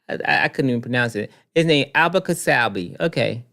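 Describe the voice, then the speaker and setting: A man hosts a loose commentary show, reacting to news clips as he scrolls through them. His pitch swings widely and he keeps repeating phrases for emphasis. He talks straight to his viewers in an off-the-cuff way. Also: brisk, creaky. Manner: animated, repeats himself, talks to viewers directly.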